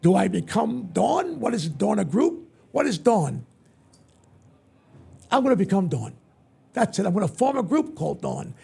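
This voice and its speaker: An older man spins animated stories as an interview guest. His voice sits high for a man and is heavily gravelly. It is husky rather than clear. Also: moderate pace, long pauses. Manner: lively, acts out other people's lines. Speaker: guest entertainer. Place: event venue interview set.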